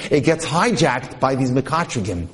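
A man's voice: medium pitch, expressive, moderate pace. A man giving an inspirational religious talk, telling stories and translating Hebrew quotes into English as he goes. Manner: mixes Hebrew terms into English speech. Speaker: religious lecturer.

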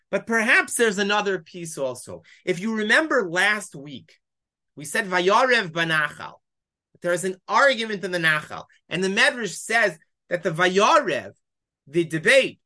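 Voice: mid-range voice, sharp tone. A teacher giving a weekly Bible study lesson, reading Hebrew verses aloud and explaining them with rhetorical questions.

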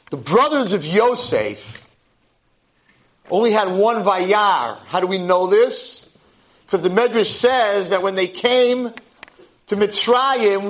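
A man, a rabbi, giving a Torah lecture with animated storytelling and acted-out voices. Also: a little high, rough recording. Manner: animated, acts out voices in stories. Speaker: rabbi and high school head.

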